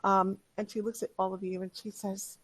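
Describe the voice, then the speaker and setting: A woman narrating as game master over an online voice chat, chatty and halting with many fillers. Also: mid-range voice, level tone, husky.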